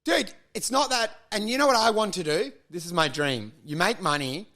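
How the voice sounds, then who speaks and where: A man riffs through crude, rambling rants on a comedy podcast. His voice sits unusually high and carries a gravelly rasp. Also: animated, moderate pace, pushed and bright. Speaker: podcast co-host. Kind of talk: casual comedic chat.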